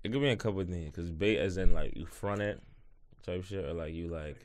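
A young man, talking in a loose, slangy way and dropping into bits of song. His voice sits on the low side. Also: fairly quick, a little mellow. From New York. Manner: laid-back slangy talk, breaks into snatches of song. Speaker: musician guest. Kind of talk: casual interview banter.

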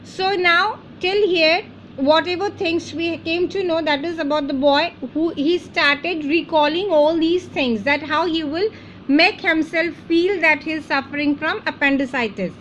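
Lady teacher going through a chapter, high voice, faint hum in the background. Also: fairly bright tone, rough recording. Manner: explains word meanings, pauses with "uh". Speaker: English teacher. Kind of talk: reading and explaining a textbook chapter.

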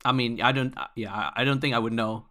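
A man's voice: mid-range voice, steady tone, quick pace, bright, forceful tone. A man co-hosting a casual podcast, laid-back and asking questions. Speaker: podcast co-host.

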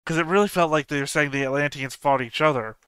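Bright, clear-voiced man musing aloud. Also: on the high side, fast talker, no room sound. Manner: thinking aloud, puzzling over theories. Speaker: anime reaction host. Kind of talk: casual solo reaction commentary.

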